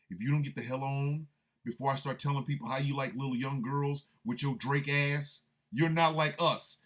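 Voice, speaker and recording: A military veteran hosting a radio show delivers a heated, profane, confrontational rant at normal speed in a steady tone. His monologue shifts from low, menacing threats to shouted outbursts.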